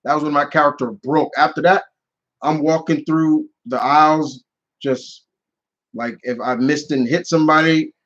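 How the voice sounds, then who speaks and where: A man's voice: fairly high pitch, steady tone, moderate pace, a bit bright, lo-fi sound. A man hosting a live question-and-answer stream, telling stories in a rambling casual way with many restarts.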